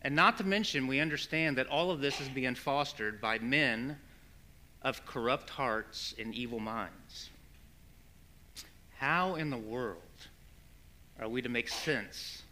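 Lively, bright-voiced preacher man. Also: mid-range voice. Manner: earnest, folksy storytelling with repeated starts. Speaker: pastor. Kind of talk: conversational sermon.

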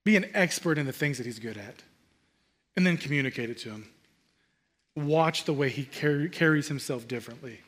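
A man preaching a sermon, humorous and animated, swinging between loud excitement and hushed asides. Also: mid-range voice, moderate pace. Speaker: pastor.

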